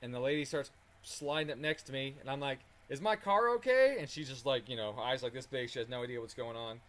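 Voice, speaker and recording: A man telling a story in a casual, animated way while working on a car, swearing freely and chuckling as he talks. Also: mid-range voice, fast. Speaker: car tuning channel host.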